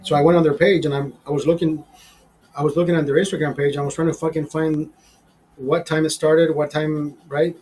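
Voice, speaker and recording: A man's voice: fairly high pitch, flat delivery, brisk, a little mellow, faint music behind, low-quality recording. A man of fifty, a show host, telling a rambling story in casual chat, swearing a lot and sounding exasperated. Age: 50s. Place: small studio.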